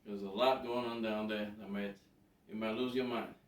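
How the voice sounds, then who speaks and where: A man telling a story in a casual, animated way to a camera, repeating words for emphasis. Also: lowish voice, normal speed. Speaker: vlogger. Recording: roomy, distant from mic.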